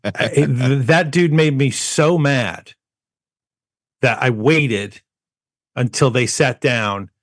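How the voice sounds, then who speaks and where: A man co-hosting a podcast, chatting casually and telling a lively anecdote in which he mimics other people. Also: medium pitch, slow, pauses often, no echo, studio quality. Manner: animated anecdote teller who mimics people. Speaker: podcast co-host. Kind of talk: casual chat, storytelling.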